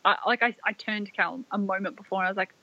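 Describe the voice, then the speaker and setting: A woman's voice: mid-range voice, steady tone, rapid-fire, pushed and bright, no echo, muffled recording. A young woman casually and emotionally telling her birth story, with many fillers and restarts.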